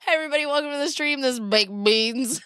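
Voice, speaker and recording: A woman's voice: sits high, quick pace, fairly bright tone, no echo, studio quality. A woman in her thirties hosting a casual livestream, giggly and often breaking into laughter. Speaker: streamer host.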